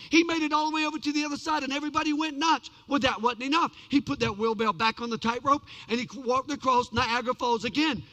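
A man preaching a sermon, telling a story with big swings from shouted peaks to hushed lows. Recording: long hall reverb.

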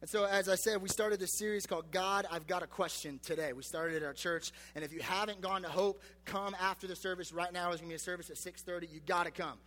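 A man's voice: high voice, fairly even intonation, fast, few pauses, fairly bright tone, big-room sound. A man in his twenties giving a casual youth sermon, chatty and self-deprecating with lots of fillers. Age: 20s. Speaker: youth pastor.

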